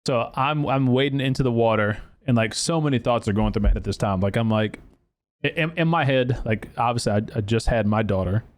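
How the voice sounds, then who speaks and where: A man's voice: mid-range voice, fairly quick. A man hosting a podcast, telling a story casually, with profanity and many fillers and restarts. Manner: profane, animated storytelling with acted quotes. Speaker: podcast host.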